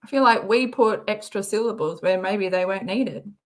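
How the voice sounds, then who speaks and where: A livestream host from Australia reacts to a clip, chatting casually and giggling over viewer messages she reads out. Her voice is medium in pitch and her pace is normal.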